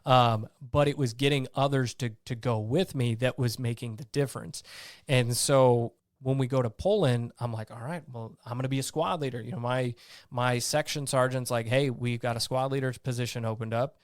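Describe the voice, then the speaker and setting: A blunt male veteran tells war stories in a casual interview, acting out the lines people said back then. His voice is smooth and clear, at a middle pitch for a man. It sounds dry and close, with no room around it. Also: moderate pace, dry recording. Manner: animated storyteller who acts out his own past lines; blunt, salty. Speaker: guest, army veteran.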